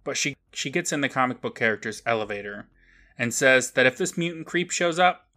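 A man's voice: mid-range voice, lively intonation, a little fast, sharp tone. A man co-hosting a podcast, recapping an episode with sarcastic asides. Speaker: podcast co-host. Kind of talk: casual recap chat.

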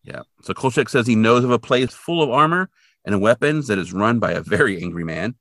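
A man's voice: medium pitch, brisk, dry recording, clean studio sound. A man co-hosting a casual podcast, retelling an episode with lots of fillers. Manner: animated retelling, many fillers, briefly acts out quoted characters. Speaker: podcast co-host. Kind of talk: casual episode recap chat.

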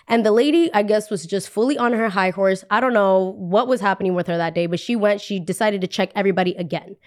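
A young woman hosting a podcast, telling a story in a casual, animated, chatty way. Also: medium pitch, fast. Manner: animated, chatty, heavy use of "like". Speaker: podcast host.

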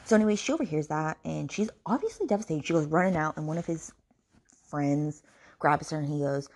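Woman, warm tone, low-pitched, exasperated, sarcastic, swearing, book rant. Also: animated, a little fast. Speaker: podcast host reviewing books. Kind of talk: ranting book review.

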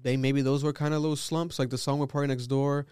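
A young man co-hosting a casual music chat, animated and acting out quotes in high voices. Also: fast, smooth, dry recording, studio quality. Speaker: podcast co-host.

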